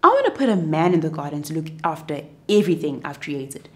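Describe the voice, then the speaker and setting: A woman's voice: low-pitched, sing-song, a little fast, a bit bright, pitched below the performer's own voice. A woman doing God as a kindly storybook father. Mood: musing. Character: God, a kindly male creator speaking.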